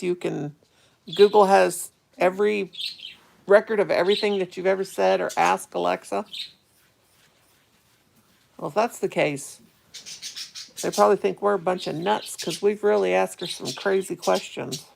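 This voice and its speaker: A woman's voice: medium pitch, vocal fry, a little hiss or hum. A woman hosting a casual home vlog, chatting in a rambling, easily amused way while sitting by a window. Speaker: vlog host. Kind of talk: casual chat to viewers.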